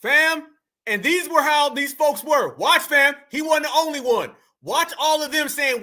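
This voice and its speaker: A man with a very high, sharp voice hosts a reaction commentary channel, speaking at a measured pace. He mocks the people in the clips, mimics them, and addresses his viewers as fam.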